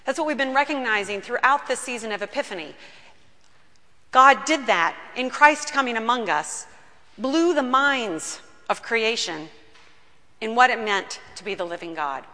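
A woman pastor preaches with a bright, forceful voice that sits somewhat high for a woman. She tells the story earnestly and slows down to lean on key words. Her voice rings out with a long reverb in a church sanctuary. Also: lively intonation. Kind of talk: sermon. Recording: long reverb of a large room.

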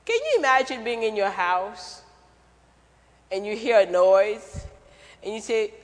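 A man's voice: high-pitched, sing-song, moderate pace, long pauses. A man preaching a sermon in a church, conversational and jokey, asking the congregation questions. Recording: church hall reverb.

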